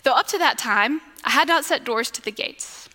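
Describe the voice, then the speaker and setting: Bright high-voiced woman giving a devotional. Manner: expressive, slows to a deliberate refrain. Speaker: devotional speaker. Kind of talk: devotional Bible talk. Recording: long echoing reverb.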